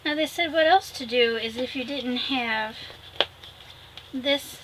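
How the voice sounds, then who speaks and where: Speaking slowly in a voice that sits high, this craft vlogger keeps things casual as she demonstrates her project. She addresses her viewers with warmth and laughs at her own mishaps, all over noticeable background noise.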